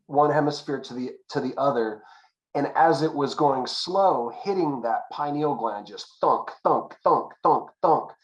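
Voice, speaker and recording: Man, panel guest, measured reflective storytelling, echoey room sound. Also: medium pitch. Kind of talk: casual personal storytelling.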